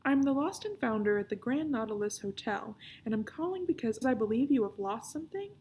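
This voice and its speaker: A woman's voice: a little high, lively intonation, brisk, darkish tone, a little hiss or hum, poor audio. A woman voicing a cheeky young boy who works as a hotel lost-and-founder, speaking in a mock-solemn way in a storybook reading.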